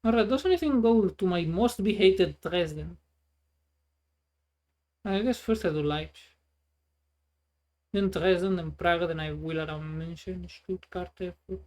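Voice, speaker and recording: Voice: mid-range voice, a little slow, pauses often, darkish tone. A streamer chatting casually while playing a trucking game, rambling and sarcastic, swearing freely. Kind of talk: casual gameplay chat.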